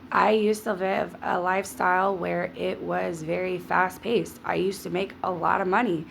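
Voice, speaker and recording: Frank woman with a vocal fry. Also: on the low side, a bit bright, slight background noise. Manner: frank, emphatic, calls listeners "baby". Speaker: social media creator sharing her story. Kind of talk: candid casual storytelling to camera.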